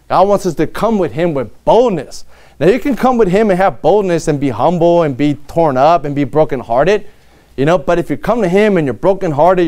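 A man's voice: high voice, a little mellow. A man preaching a sermon in a church, earnest, reading scripture aloud with rising emphasis.

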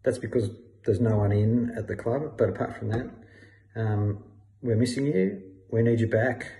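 A man's voice: fairly low pitch, moderate pace, dark tone, low-quality recording. An Australian man recording a dry, jokey video message for a club colleague.

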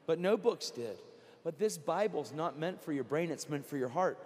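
A middle-aged man preaching a sermon at a conference, telling stories with quoted dialogue and building to near-shouting. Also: a little high, lively intonation, moderate pace, a little hiss or hum. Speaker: guest preacher. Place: large conference hall. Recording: long hall reverb.

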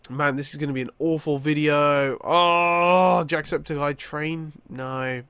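A young man giving rambling, tired let's-play commentary, with many fillers and sudden excited outbursts. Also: a little high, measured pace, smooth, no echo. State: tired, yawning. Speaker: gaming YouTuber.

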